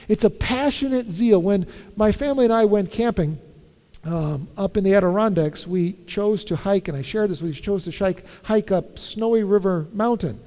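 A man's voice: high voice, normal speed, darkish tone, big-room sound. A male pastor preaching a sermon, emphatic and repeating phrases for stress, with wry humor in his personal stories.

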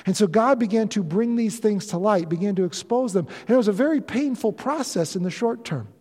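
A pastor in his fifties preaches a sermon with a notably high voice for a man. He speaks earnestly and confessionally, pressing into emphatic, rising declarations. His voice rings with the long reverb of a large church hall. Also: animated, brisk, a little mellow. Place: church sanctuary.

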